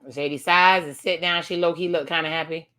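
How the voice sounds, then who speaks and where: A woman's voice: fairly low pitch, fairly even intonation, brisk, pushed and bright. A woman talking casually through a TV episode, retelling scenes and reacting with exclamations. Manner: chatty, narrates scenes aloud with exclamations. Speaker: reaction video host.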